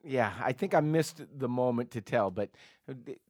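A man's voice: mid-range voice, moderate pace, no room sound, clean studio sound. A man co-hosting a podcast, telling stories in casual chat, acting out voices and laughing often. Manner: animated storyteller, acts out voices and laughs often. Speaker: podcast co-host.

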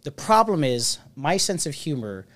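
A man's voice: fairly high pitch, moderate pace. A man hosting a casual podcast chat, blunt and joking, acting out quotes as he tells stories. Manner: blunt, joking, animated storyteller who acts out quotes. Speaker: podcast host.

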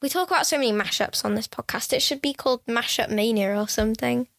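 High bright giggly woman. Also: fast talker, gravelly, no echo, studio quality. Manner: giggly, playful, teasing. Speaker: podcast co-host. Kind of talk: casual chat.

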